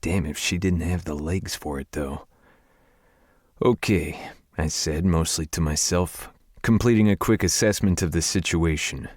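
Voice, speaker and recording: Deep-voiced man narrating a romance audiobook. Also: normal speed, darkish tone, dry recording, clean studio sound. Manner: wry, confiding inner monologue.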